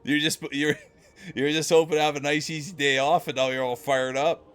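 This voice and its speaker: A man's voice: fairly high pitch, flat delivery, normal speed, a bit bright. A man livestreaming, talking casually and playfully with his chat, laughing often.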